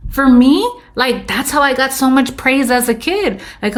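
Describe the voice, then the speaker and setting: A woman's voice: sits high, animated, unhurried. A woman in her thirties, a podcast guest telling her story candidly and slipping into Spanish phrases. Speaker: podcast guest, business owner. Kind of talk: casual interview storytelling.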